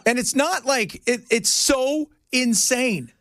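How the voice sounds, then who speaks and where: Gravelly-voiced talk radio host. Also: male voice, extremely high pitch, takes it slowly, dry recording, studio quality. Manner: animated storyteller, slips into silly voices and laughs. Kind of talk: casual talk radio banter.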